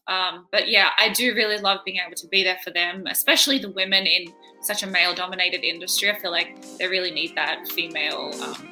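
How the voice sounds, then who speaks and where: A young woman from Australia speaks with a softened Australian accent, her tone very bright and edged. She chats casually as an interview guest, self-deprecating and quick to laugh. Her pitch sits in a middle range. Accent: Australian, partly Americanized.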